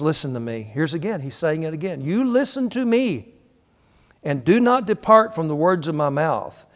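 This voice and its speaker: A man, preaching a sermon and telling stories with animated quoted voices. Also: on the high side. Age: 60s. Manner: animated storytelling, acts out quotes with shifting voice. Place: church hall. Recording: reverberant church hall.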